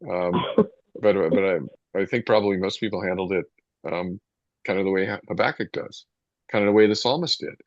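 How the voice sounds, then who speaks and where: A man's voice: low voice, fairly quick, no echo. A man teaching a casual Bible study to a small group. He talks in a rambling, conversational way, restarting sentences and reading scripture aloud. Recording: muffled, dull lo-fi sound.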